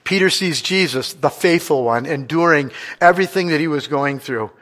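A man preaching a sermon as pastor. He asks the congregation questions and swings between loud stretches and hushed ones. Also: on the high side, normal speed.

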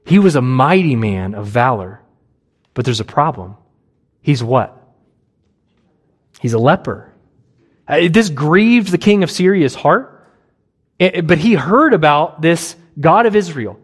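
A man preaching a sermon, earnest and emphatic, with long pauses and a low, soft voice for Jesus' words. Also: expressive, breathy edge.

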